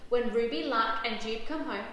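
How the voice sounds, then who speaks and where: A woman reading a picture book aloud to children, expressive, with lively character voices and questions to the listeners. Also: fairly high pitch, moderate pace. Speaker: children's story reader. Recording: very echoey room, faint background noise.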